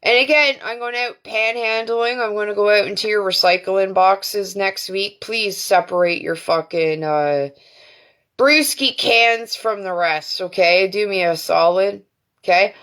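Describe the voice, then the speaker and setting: A Canadian woman hosting a live stream goes on an angry, profane, defiant rant, full of fillers. Her mid-range voice is unhurried, fairly bright, and clean, picked up by a phone or webcam mic.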